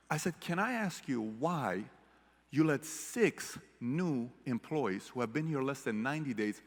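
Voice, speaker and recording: Animated man giving a keynote in a hall. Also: mid-range voice. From Middle East. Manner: animated storyteller, shifts from hushed to shouting. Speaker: keynote speaker. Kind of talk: motivational keynote speech. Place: large hall with audience. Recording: long hall reverb.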